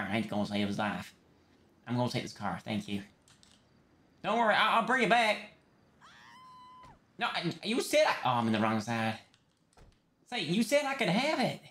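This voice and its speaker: A man's voice: fairly high pitch, bright, forceful tone, echoey room. A man streaming a role-play game, voicing a panicky, rambling young male doctor in a put-on accent with lots of stammered restarts.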